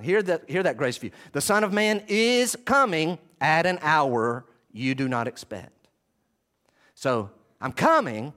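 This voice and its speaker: A man's voice: a little high, sing-song, normal speed, fairly bright tone. A man preaching a sermon, teaching through a Bible passage verse by verse and repeating key phrases for emphasis. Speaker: pastor.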